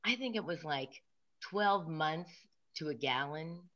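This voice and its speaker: Lady comic, low voice, one-liner jokes, kinda muffled audio. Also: expressive, slow, fairly bright tone. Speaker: stand-up comic. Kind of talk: stand-up set.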